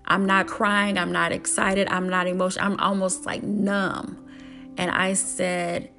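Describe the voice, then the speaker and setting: A woman with a gravelly, creaky edge recounts a personal story in an earnest monologue. She circles back over her own phrases and slips into the voices of past conversations. Faint music plays underneath. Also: medium pitch, flat delivery, a little slow, bright, forceful tone. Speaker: speaker sharing her life story.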